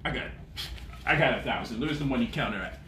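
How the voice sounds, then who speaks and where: Man, swaggering, profane, bright tone, slight background hum. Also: mid-range voice, animated, fast talker. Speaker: motivational money vlogger. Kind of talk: casual boastful monologue. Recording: roomy echo, voice off-mic.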